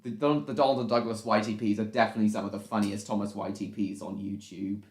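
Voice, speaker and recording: A man's voice: lowish voice, fairly even intonation, fast, darkish tone. A man hosting a casual reaction live stream, rambling and repeating himself as he greets viewers in the chat. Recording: echoey room.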